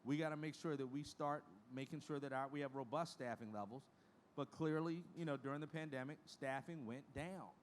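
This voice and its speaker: A man in his fifties, head of an industry association, gives a keynote on a conference stage. His voice is on the high side and a little fast, with slight background noise. He speaks frankly and folksily, shifting from statistics into emotional personal stories.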